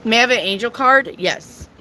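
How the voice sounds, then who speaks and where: A woman's voice: fairly high pitch, animated, unhurried, background noise. A woman giving a casual live tarot reading to viewers, chatty and jokey with crude asides. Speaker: tarot reader.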